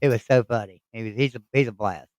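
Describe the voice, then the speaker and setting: A man's voice: mid-range voice, fast talker, no room sound. A man with a West Virginia Appalachian accent, hosting a casual chat and telling rambling, folksy stories. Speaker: host.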